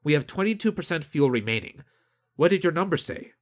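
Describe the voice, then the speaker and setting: A man voicing a clever young crewman who argues regulations in a calm, methodical way. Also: on the high side, fairly quick, voice pushed up. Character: clever young man, precise crew accountant.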